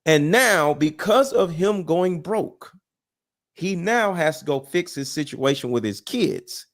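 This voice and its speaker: A man's voice: fairly high pitch, lively intonation, slow. A man arguing heatedly in a debate, emphatic and profane, cutting in with "listen" and "hold on". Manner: emphatic, repeats himself, profane; interrupts with 'listen' and 'hold on'. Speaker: guest debater.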